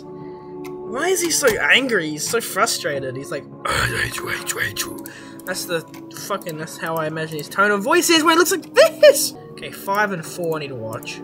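This mid-range voice belongs to a young adult gamer casually and excitedly narrating a horror game. They curse a lot and shout at the jump scares.

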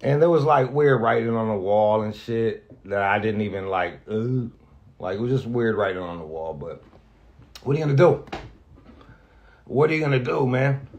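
A man, a radio host, talks candidly and off the cuff, halting and restarting often, with lots of profanity and earnest emotion. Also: fairly low pitch, a little mellow, muffled recording. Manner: halting, rambling, heavy profanity, frequent restarts; earnest, emotional about being grateful. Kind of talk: candid off-the-cuff vlog talk.

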